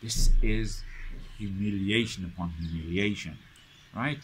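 A man's voice: deep voice, unhurried, slight background noise. A man teaching a study circle, retelling history dramatically with many restarts and frequent checks of "right?". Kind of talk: lecture storytelling.

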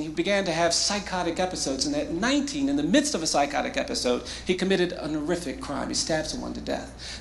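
A man, a lawyer, telling a story with dramatic pauses and quoting others in his own voice. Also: a little high, gravelly, a little hiss or hum. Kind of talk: storytelling talk.

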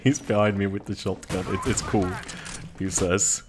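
A man's voice: lowish voice, fairly even intonation, moderate pace, noisy background. Swedish-accented man calling a shooter game. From Jämtland, Sweden. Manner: casual, swears a lot, laughs often. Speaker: gaming commentator. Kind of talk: live gameplay commentary.

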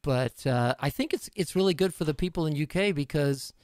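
Middle-aged Canadian man, musician guest on a casual live stream, relaxed and rambling, dry close-miked sound. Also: on the high side, a little fast, no room sound. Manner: relaxed, rambling, self-deprecating.

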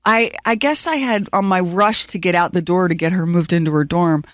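A middle-aged woman co-hosting a radio show, telling a story in an animated, self-mocking way. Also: a little fast, no echo, clean studio sound. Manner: animated, self-mocking storytelling with squeaky teary quoted outbursts. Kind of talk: storytelling chat.

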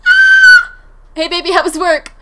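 A woman hosting a casual let's play, talking to herself as she plays, jumpy and quick to swear. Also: fairly high pitch, lively intonation, heavy background noise. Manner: jumpy, swears freely, talks to herself while playing. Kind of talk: casual gaming commentary. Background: game music and sounds.

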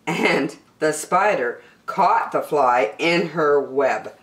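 Woman, children's storyteller, picture-book read-aloud, sing-song, unhurried, echoey room. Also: deep voice, expressive.

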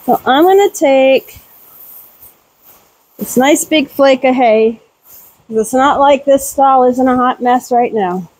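Husky woman chatting through barn chores. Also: takes it slowly, long pauses, darkish tone, no echo, low-quality recording. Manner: coos at animals in a high baby-talk voice. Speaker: homesteader vlogger. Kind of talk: casual chat while doing farm chores. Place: outdoors around a barn and stalls. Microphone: handheld camera.

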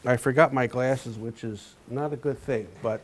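A man in his sixties giving a prepared talk to a university audience, halting often with fillers and restarts. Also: mid-range voice, steady tone, a little hiss or hum. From Wisconsin. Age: 60s. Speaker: guest speaker.

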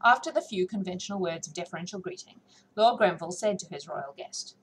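A woman narrating a classic novel audiobook in a measured, expressive reading. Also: fairly low pitch, a little hiss or hum, low-quality recording. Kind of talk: scripted narration.

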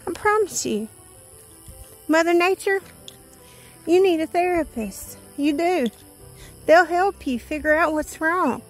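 A middle-aged woman with a Southern US accent, chatting casually and joking in animated, rambling rants as host of her painting channel. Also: extremely high pitch, slow pace, long pauses, faint music behind.

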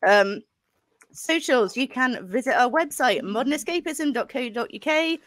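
A woman's voice: sits high, lively intonation, moderate pace, a bit bright, no echo. A woman co-hosting a podcast, dry and self-deprecating as she reads out the show's socials. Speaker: podcast co-host. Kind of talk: casual chat, reading out socials.

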